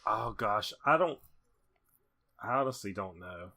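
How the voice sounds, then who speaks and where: A man's voice: fairly low pitch, expressive, measured pace, pushed and bright. A man co-hosting a horror movie podcast, reading movie summaries aloud and adding offhand opinions. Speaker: podcast co-host. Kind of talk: casual chat and reading movie blurbs.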